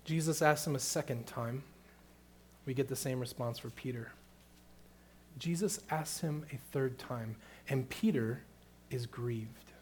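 A middle-aged man preaching a sermon, moving between hushed, tender passages and loud, emphatic questions. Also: mid-range voice, a little hiss or hum. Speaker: pastor.

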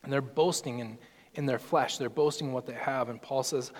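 A man's voice: medium pitch, steady tone, fairly quick. A man preaching a sermon, reading scripture aloud and explaining it, sometimes speaking in Paul's voice. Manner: expository preaching, quoting scripture and acting out Paul's voice. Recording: long reverb in a large hall.

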